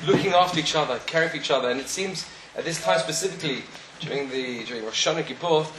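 A man telling a story in a sermon, animated, acting out the voices of the people in it. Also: fairly high pitch, fast talker, slight background noise. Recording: echoey room, faint ambience.

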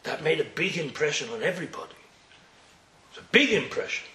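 Animated man telling a Torah story. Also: a little high, a little fast. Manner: animated, acts out dialogue in voices, humorous asides. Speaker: Torah teacher. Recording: echoey room with faint noise.

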